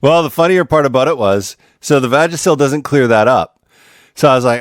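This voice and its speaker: A man's voice: medium pitch, lively intonation, a little fast, dry recording, clean studio sound. A man co-hosting a podcast, telling stories in casual banter, swearing often and laughing. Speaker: podcast co-host.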